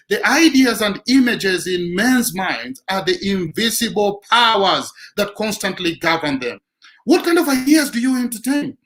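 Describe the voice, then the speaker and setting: Man, motivational speaker, lively swooping pitch, repeats lines for emphasis. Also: low-quality recording. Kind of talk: motivational talk.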